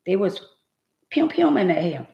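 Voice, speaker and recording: A woman's voice: medium pitch, sing-song, moderate pace, creaky, echoey room, lo-fi sound. A woman telling her own life story to her viewers in an emphatic, rambling, casual way.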